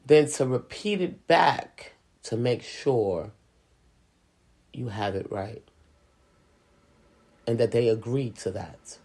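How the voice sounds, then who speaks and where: Middle-aged woman, chatty storyteller, gravelly raspy voice, lively pitch. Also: slow, long pauses. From Hispanic and Native American heritage, US. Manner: animated, chatty, says "you know" often. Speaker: school speaker, sales professional. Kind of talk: casual storytelling.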